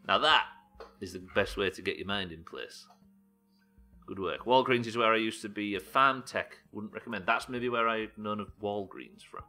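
A British man streams a game live, reading chat and talking with viewers while muttering to himself as he builds. His voice is fairly low and sharp at normal speed, with soft music in the background.

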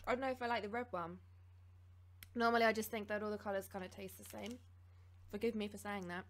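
A woman hosting a casual taste-test vlog, bubbly and excitable, gasping and giggling. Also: mid-range voice, fast. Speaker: YouTuber.

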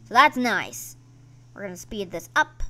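Animated, slow-talking woman gamer. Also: mid-range voice. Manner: excitable, playful grumbling at the game. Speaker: gaming channel host. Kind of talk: casual let's-play commentary.

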